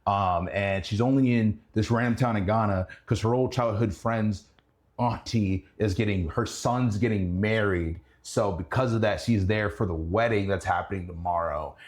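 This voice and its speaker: A young man telling stories in a casual chat, animated and laughing, his voice jumping up when excited. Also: moderate pace. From Indianapolis. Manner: animated, laughing storyteller who rises high in pitch when excited. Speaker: guest. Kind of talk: casual storytelling.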